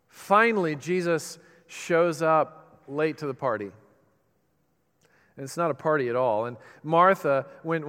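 Preacher in a reverberant hall. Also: male voice, on the high side, a bit bright, smooth. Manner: dramatic pauses, rising emphasis, quotes scripture. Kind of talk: sermon.

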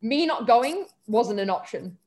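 A woman's voice: on the high side, unhurried. Chatty young Australian woman storyteller. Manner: lively anecdotes, acts out quoted voices, frequent "um" and "like". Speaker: interview guest, stage performer. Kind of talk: casual storytelling.

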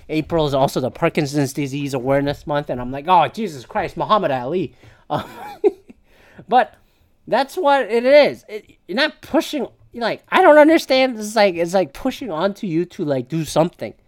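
A woman's voice: deep voice, no echo, clean studio sound. A woman hosting a solo podcast, ranting casually with lots of swearing, sarcastic and opinionated. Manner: profane, ranting, swears often. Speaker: podcast host.

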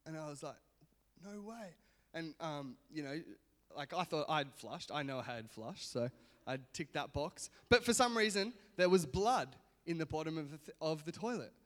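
A man's voice: on the high side, normal speed, fairly bright tone. A man giving a casual sermon, chatty and self-mocking, laughing often as he tells a personal story. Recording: long reverb of a hall.

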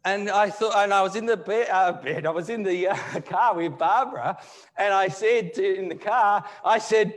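Impassioned higher-voiced male pastor preaching. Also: moderate pace. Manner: impassioned, swinging between loud emphatic bursts and low, quiet asides. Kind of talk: live sermon. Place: church hall.

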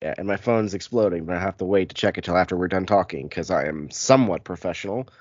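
A man with a low, slightly mellow voice hosts a casual podcast chat, congested from a cold, talkative and self-deprecating, with quick asides. The recording is muffled, with no room sound.

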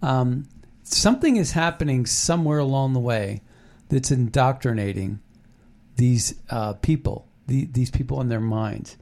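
A man's voice: mid-range voice, measured pace, darkish tone. A man co-hosting a casual commentary chat, rambling with many fillers and restarts. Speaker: podcast co-host.

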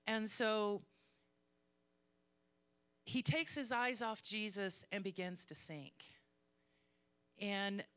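A woman's voice: mid-range voice, slow, pauses often, fairly bright tone, clean tone. A woman preaching a conversational, self-mocking sermon in church and reading scripture aloud. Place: church sanctuary.

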